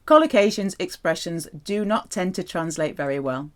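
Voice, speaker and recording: A woman giving a language lesson in a playful, animated teaching manner. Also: normal speed. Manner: playful, animated teaching with wide pitch swings. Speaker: French teacher.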